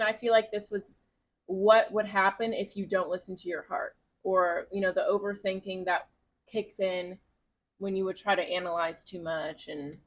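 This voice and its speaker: A woman giving a casual tarot reading to camera at home, gushing, chatty and encouraging, with the odd swear word. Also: mid-range voice. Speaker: tarot reader.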